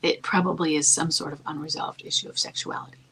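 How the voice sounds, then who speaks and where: A woman giving marriage-coaching advice in a soft, calm, often near-whispered delivery that stays earnest and reassuring. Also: low-pitched, quick pace, slight background noise, poor audio. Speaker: marriage coach answering a listener's question. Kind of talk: advice talk.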